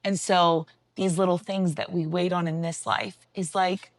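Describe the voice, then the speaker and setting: A woman hosting a podcast, talking in a relaxed, encouraging and reflective way. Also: on the low side, normal speed, dry recording. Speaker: podcast host. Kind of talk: casual faith chat.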